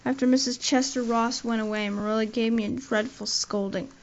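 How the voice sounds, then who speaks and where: A woman's voice: a little high, steady tone, fairly quick, lightly acted. Anne, a woman doing a dramatic chatty girl. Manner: breathless, dramatic storytelling. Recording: dull lo-fi audio.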